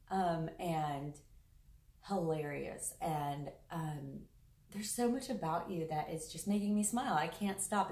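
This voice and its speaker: A woman's voice: lowish voice, gravelly, darkish tone. A woman giving a casual, effusive tarot reading to camera, rambling and chatty with plenty of fillers and the odd swear word. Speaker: tarot reader. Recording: roomy sound, a bit distant from the mic.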